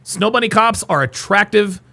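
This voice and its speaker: A man doing live reaction commentary in a loud, profane, exclamatory way. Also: sits high, lively intonation, moderate pace. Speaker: streamer reacting to footage.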